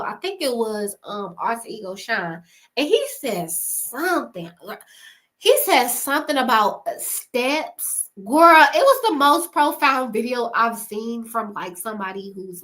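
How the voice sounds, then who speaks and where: Woman, young adult, high voice, emphatic slangy pep talk, casual vlog advice. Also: pushed and bright. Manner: emphatic, slangy, laughs often. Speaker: YouTuber giving advice. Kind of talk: casual motivational talk to camera.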